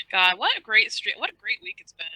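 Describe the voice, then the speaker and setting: A woman's voice: mid-range voice, sharp tone, no echo, poor audio. A woman calling in as co-host, chatting casually, giggly and rambling. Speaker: co-host on call. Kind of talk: casual chat.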